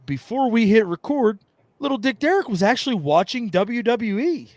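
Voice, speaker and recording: A man's voice: very high voice, expressive, moderate pace, no echo. A man co-hosting a casual wrestling podcast, joking around and ribbing his co-hosts. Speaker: podcast co-host. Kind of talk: casual chat.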